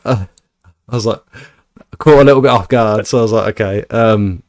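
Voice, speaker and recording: A man's voice: normal speed, dry recording, clean studio sound. A man hosting a podcast, telling a story in casual chat and acting out quotes with his voice jumping up. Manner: animated, acts out quotes with rising pitch. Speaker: podcast host.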